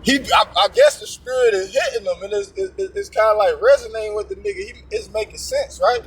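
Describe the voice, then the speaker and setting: A man's voice: sits high, very animated, fast talker, fairly bright tone, a little hiss or hum, low-quality recording. A man casually telling a testimony story, acting out both sides of a tense confrontation in streetwise slang. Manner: streetwise slang with frequent profanity.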